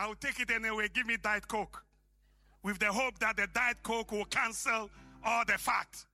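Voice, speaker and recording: A man with an African accent, preaching a sermon as pastor, impassioned and shouting for emphasis. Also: sits high, steady tone, normal speed, no room sound, soft background music.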